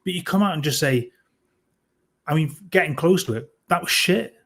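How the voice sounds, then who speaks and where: Exasperated man, a touch high. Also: moderate pace. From North East England. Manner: exasperated, plain-spoken. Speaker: co-host of a fan podcast. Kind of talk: casual live reaction talk.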